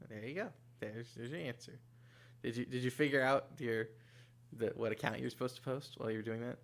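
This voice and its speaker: A man's voice: mid-range voice, brisk, creaky. A man hosting a stream, reading out viewer questions in an easygoing way with filler words. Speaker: stream host.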